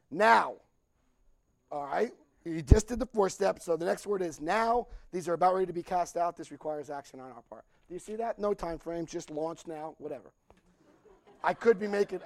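An older man telling a story at a recovery meeting, animated and acting out the dialogue, laughing as he goes. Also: high-pitched, no echo. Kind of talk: storytelling talk.

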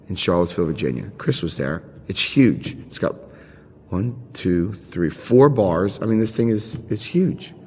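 A middle-aged man giving a recovery talk, telling lively stories with chuckles and frank asides, and reading out passages to explain them. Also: on the low side. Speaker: recovery speaker. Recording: reverberant hall.

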